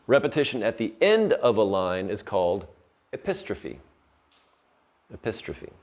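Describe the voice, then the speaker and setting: A male teacher giving a lesson on poetry terms, patiently explaining and checking in with his students. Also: mid-range voice.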